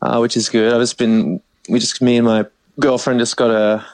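An Australian man in his twenties chats as an interview guest, easygoing and relaxed. His voice sits at an ordinary middle pitch. The recording is dry and close. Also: moderate pace, no echo. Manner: relaxed, easygoing, laughs often. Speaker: band singer, guest. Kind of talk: casual interview chat.

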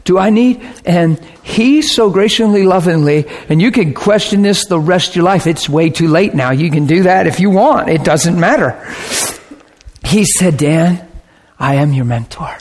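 A man preaching a sermon in an earnest way, building to excited, emphatic peaks. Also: on the high side, normal speed, long reverb tail. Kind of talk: sermon teaching.

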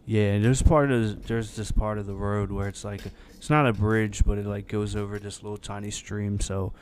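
A young man co-hosting a podcast, telling a long, rambling story in a relaxed way with lots of fillers. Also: lowish voice, moderate pace, slight background noise. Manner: rambling, laid-back anecdote with many fillers. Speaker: podcast co-host. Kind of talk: casual storytelling chat.

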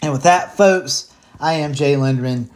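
A man's voice: fairly high pitch, normal speed. Breathless man chatting football picks. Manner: chatty, rambling, swears casually. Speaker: sports picks host. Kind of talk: casual sports betting talk.

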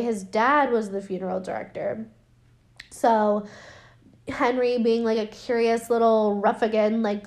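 A young woman podcast host recapping a film in casual, sarcastic, profane chat, full of fillers. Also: a little high.

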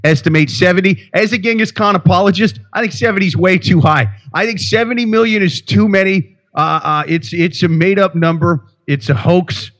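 A man's voice: high voice, moderate pace, fairly bright tone. A man from Iowa co-hosting a podcast, talking in casual, profane banter full of stammered restarts. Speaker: podcast co-host.

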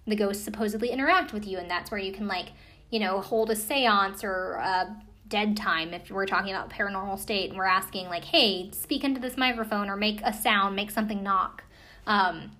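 A woman's voice: mid-range voice, a bit bright. Sarcastic American woman recapping. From United States. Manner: sarcastic, skeptical, filler-heavy rambling. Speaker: commentator recapping a ghost-hunting show. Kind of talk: casual chat.

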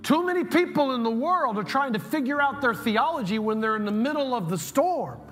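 A man preaching a sermon as pastor, animated and emphatic, telling humorous stories to make a point. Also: extremely high pitch, a little fast. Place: church sanctuary. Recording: long hall reverb, faint music.

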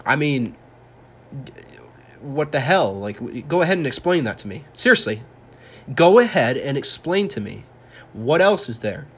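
A man's voice: medium pitch, very animated, measured pace, long pauses, a bit bright, slightly rough. Heated young man ranting on his podcast. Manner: heated, sarcastic ranting with heavy swearing. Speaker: podcast host. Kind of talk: solo podcast monologue.

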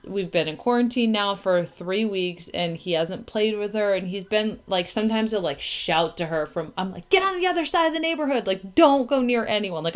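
A woman in her thirties talks in an easy, rambling way, full of "like" and little quoted asides. Her voice sits in the middle of the range, neither high nor low. It sounds like relaxed conversation between friends. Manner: chatty, lots of "like" and quoted asides. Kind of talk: casual chat.

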